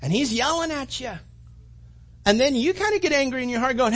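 A man preaching a conversational sermon, animated and full of restarts and acted-out asides. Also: extremely high pitch, a little fast. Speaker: pastor.

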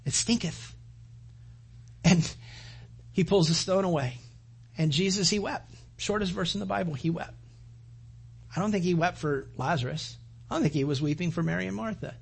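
A man's voice: high-pitched, fast, vocal fry, breathy edge. A man preaching a sermon, retelling scripture in a conversational storytelling way and acting out quoted lines. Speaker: pastor.

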